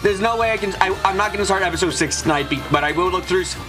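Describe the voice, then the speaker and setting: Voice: medium pitch, rapid-fire. Swearing, rambling let's play streamer. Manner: gushing, rambling, heavy swearing. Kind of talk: casual commentary over a visual novel. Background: game music.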